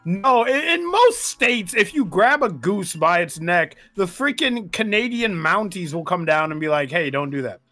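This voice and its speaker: Upbeat male co-host, high bright voice, goofy, quick to laugh; casual group banter. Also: sing-song, faint music behind. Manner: joking, goofy, breaks into laughter. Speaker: co-host chatting during a game stream.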